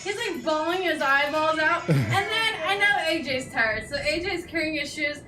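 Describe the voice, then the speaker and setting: A woman, the streamer's wife, telling a story in casual chat in an animated way. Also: sits high, normal speed, faint music behind. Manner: animated, acts out others' lines. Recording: distant roomy mic with noise.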